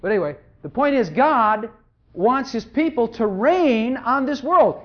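A pastor preaching a sermon, emphatic and repetitive, hammering each point home and sometimes mumbling quietly while looking something up. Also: medium pitch, expressive, unhurried. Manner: drops to quiet mumbling when searching for a verse. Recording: dull lo-fi recording.

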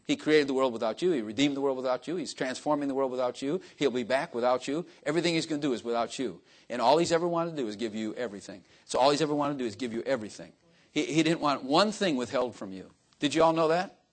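Older male preacher, casual folksy sermon delivery, quick asides and jokes, mid-pitched voice. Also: expressive. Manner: folksy, joking asides, frequent "Amen?" to the crowd. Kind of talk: informal sermon to a congregation.

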